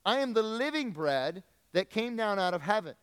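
A man's voice: high-pitched, sing-song, normal speed, fairly bright tone, clear, resonant tone. Preaching man in an echoing hall. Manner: conversational preaching, asks the congregation questions. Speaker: pastor. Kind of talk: sermon. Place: church sanctuary.

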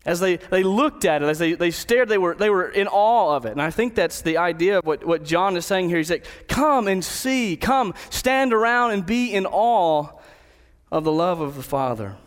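A man's voice: on the high side, expressive. Earnest male preacher in a reverberant hall. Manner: earnest, slows and stresses key words. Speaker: pastor. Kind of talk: sermon with a personal story.

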